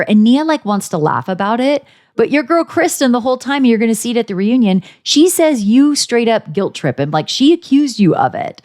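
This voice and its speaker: A woman co-hosting a podcast, chatting casually and bluntly, swearing freely and acting out quotes with big jumps in her voice. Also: moderate pace. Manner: animated, acts out quotes with big pitch jumps. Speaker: podcast co-host. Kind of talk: casual recap chat.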